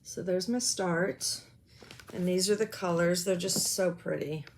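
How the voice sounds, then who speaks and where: A cross-stitch vlogger rambles through a casual show-and-tell about her stitching projects, full of ums and self-deprecation. Her voice is on the low side and a little slow.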